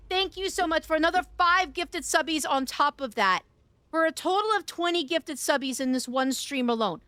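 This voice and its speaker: A woman's voice: high voice, expressive, normal speed, sharp tone, smooth, dry recording. A woman streaming live, chatting casually with her viewers in a flirty, teasing, playful way. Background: music.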